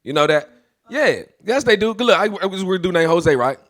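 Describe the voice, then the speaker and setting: A man's voice: sits high, expressive, fairly quick, a bit bright. A man in his thirties doing a stand-up comedy set, brash and swearing, acting out the people in his stories.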